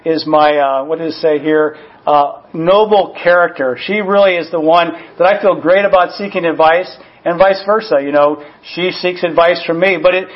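Man, pastor, fairly high husky voice, casual sermon, dull lo-fi recording. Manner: casual, personal, many "you know" asides. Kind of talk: conversational sermon.

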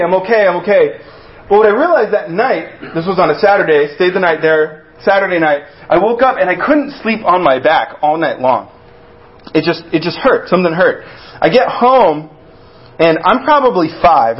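Male preacher, slightly high voice, loose storytelling delivery, dull recording. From Texas. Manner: conversational and storytelling, with many restarts and acted-out quotes. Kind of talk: sermon.

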